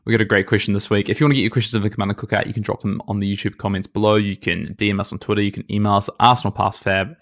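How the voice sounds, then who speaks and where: A man in his late twenties co-hosting a podcast in brisk, chatty, self-deprecating talk. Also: lowish voice, level tone, a bit bright. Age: late 20s. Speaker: podcast co-host. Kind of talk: casual podcast chat.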